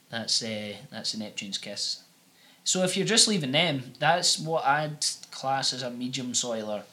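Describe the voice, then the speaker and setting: A man's voice: medium pitch, animated, measured pace, hardly any pauses, sharp tone, slight background noise. A young adult man with a Scottish accent, rambling through crude, sweary anecdotes as a podcast co-host. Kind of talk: casual comedic chat.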